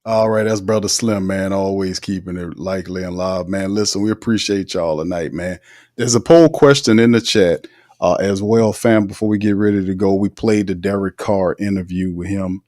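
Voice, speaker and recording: Energetic low-voiced New man hosting. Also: normal speed. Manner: energetic, repeats words, laughs often. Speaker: livestream show host. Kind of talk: casual live sports talk.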